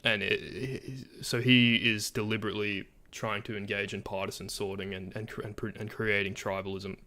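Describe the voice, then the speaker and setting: A man, not from America, giving halting commentary on a video, full of fillers and restarts. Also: on the low side, level tone, sharp tone. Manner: hesitant, many fillers and restarts. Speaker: commentary channel host.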